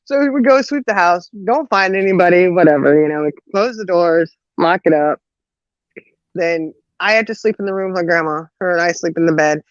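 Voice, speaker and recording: A woman's voice: on the low side, normal speed, dry recording, dull audio. A woman telling a family story in a casual chat, laughing often and acting out the voices of the people in it. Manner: animated, laughs often, acts out quoted voices. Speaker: podcast co-host telling a story.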